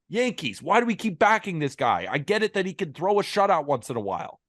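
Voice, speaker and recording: A man co-hosting a sports podcast into a podcast microphone, his voice swinging widely in pitch. He rants in a heated, emphatic way that builds as he goes. The recording is close and dry. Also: sing-song, fast talker, few pauses, fairly bright tone, no room sound. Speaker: co-host. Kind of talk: casual sports podcast chat.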